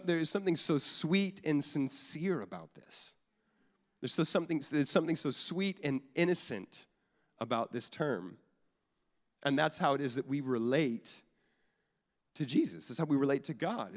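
A man in his thirties, a pastor giving a casual, joking sermon to a church, often restarting his sentences. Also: mid-range voice. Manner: conversational, jokey, repeats and restarts often. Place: church sanctuary. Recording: long hall reverb.

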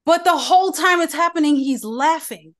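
A woman's voice: high voice, normal speed. A woman, a podcast co-host telling a family story in casual chat, laughing as she goes. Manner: animated storyteller, laughs mid-sentence.

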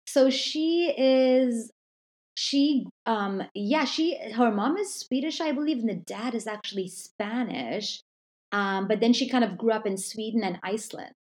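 A woman's voice: on the high side, a little slow. A woman hosting a podcast interview, chatting casually and asking long, rambling questions. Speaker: podcast host.

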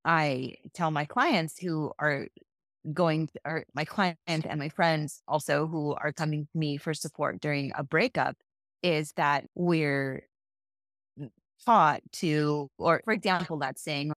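A woman guest on a podcast, a breakup coach, talking in an animated, casual way and acting out quoted thoughts. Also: low-pitched, measured pace, no echo, studio quality. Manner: warm-hearted, animated, acts out quotes.

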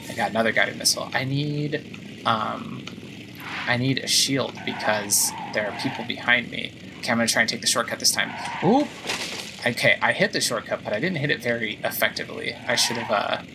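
A man hosting a gaming podcast, chatting excitedly and thinking aloud as he plays. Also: mid-range voice, creaky, background noise. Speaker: podcast host playing a video game. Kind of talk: casual let's-play commentary. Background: game music.

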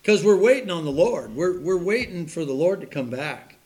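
A man's voice: on the high side, animated, normal speed, a little mellow. A man preaching a sermon in a folksy, joking way, laughing at his own puns and stories.

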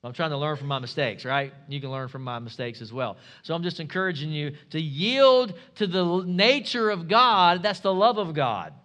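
A pastor preaching a sermon, emphatic and asking the congregation rhetorical questions. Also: male voice, fairly high pitch, expressive, brisk, hardly any pauses, fairly bright tone.

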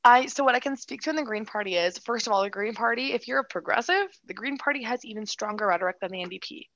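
A woman co-hosting a casual political chat, animated and quick, full of restarts and "like". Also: a little high, no echo, muffled recording. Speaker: political commentator, co-host.

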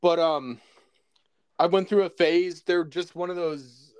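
A man's voice: a little high, steady tone, measured pace, darkish tone, smooth, dry recording. A man co-hosting a podcast, chatting casually, laughing often and swearing freely. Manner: laughing, swearing, loose storytelling. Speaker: podcast co-host. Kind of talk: casual chat.

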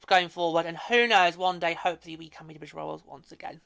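Woman hosting a hockey podcast, chatty, lots of restarts, smooth clear voice. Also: fairly low pitch, steady tone, fast, hardly any pauses, a bit bright, no room sound. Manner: chatty, emotional, rambling with restarts. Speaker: podcast host. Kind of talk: casual hockey podcast talk.

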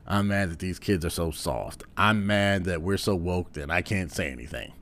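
A man voicing a grumpy old man who complains about how things used to be, in a low, muttering voice. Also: moderate pace, fairly bright tone. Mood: grumbling.

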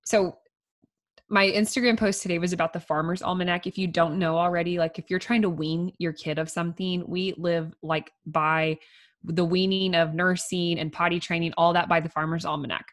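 Young woman co-host, lower voice, casual and chatty, many "likes". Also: fairly even intonation, normal speed. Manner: chatty, says "like" often, laughs easily. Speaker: podcast co-host. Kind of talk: casual chat.

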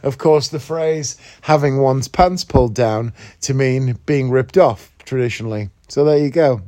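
Warm in tone and unhurried, this man's medium-pitched voice carries a slight northeast English accent. Still in bed at home and sounding groggy, as if he's just woken up, he hosts a casual morning podcast, chatty, rambling and self-mocking.

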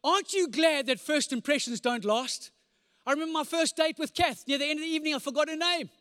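A man in his forties, a pastor preaching with animated, comic storytelling, sound effects and repeated phrases. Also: very high voice, fast talker, no echo. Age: 40s. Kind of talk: storytelling sermon.

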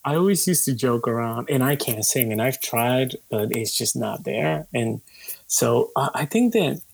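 A man with a gravelly, somewhat husky voice, recorded close and dry with no room sound. He rambles loosely as a musician guest, full of fillers and casual swearing. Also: medium pitch, animated, a little slow, no echo. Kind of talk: casual conversation.

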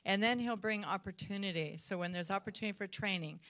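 A woman with a bright, sharp voice speaks as a church panelist. She sounds animated and encouraging, with laughter slipping in. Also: medium pitch, fast, no echo.

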